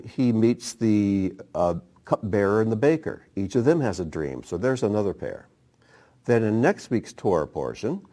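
A man preaching a sermon, teaching at an unhurried pace and reading scripture aloud between his explanations. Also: lowish voice, warm tone. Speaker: pastor.

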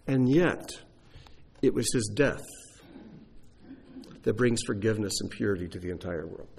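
A man's voice: lowish voice, normal speed, vocal fry, a little mellow, husky. A man teaching a sermon in a conversational way, asking the listeners rhetorical questions. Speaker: Bible teacher.

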